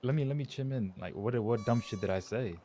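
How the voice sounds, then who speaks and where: A man's voice: mid-range voice, brisk, mellow, a little hiss or hum. A man chiming in during a casual chat, interrupting to dispute what was said about him. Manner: jumps in to dispute the story, a bit off-mic. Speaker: friend in the chat.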